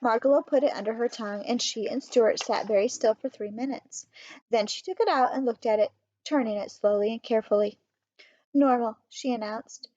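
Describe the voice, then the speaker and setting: A woman reading a children's storybook aloud in a steady, clear way. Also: on the high side, a little fast, no room sound. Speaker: audiobook reader. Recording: dry, slightly muffled.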